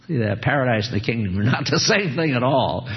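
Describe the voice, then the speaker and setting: A man's voice: mid-range voice, lively intonation, brisk. A man preaching a sermon in an earnest, exhorting way, chuckling often as he talks. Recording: dull lo-fi recording.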